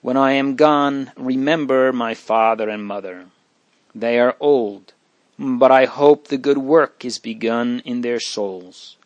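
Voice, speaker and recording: A man's voice: mid-range voice, no room sound, muffled recording, natural voice. A man reading a faint, devout dying young woman. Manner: soft, slow, faint and prayerful. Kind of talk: reading aloud from a religious narrative.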